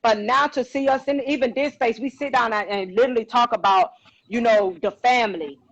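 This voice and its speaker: A woman's voice: a little high, a little fast, muffled recording. A middle-aged woman co-hosting a podcast, telling a story in casual chat and acting out the quotes. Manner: animated, acts out quotes, exclaims. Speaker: podcast co-host.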